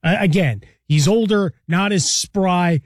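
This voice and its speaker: Easygoing high-voiced male co-host. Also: measured pace, dry recording, studio quality. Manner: relaxed, rambling, uses folksy analogies. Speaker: sports talk show co-host. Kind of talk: conversational sports radio analysis.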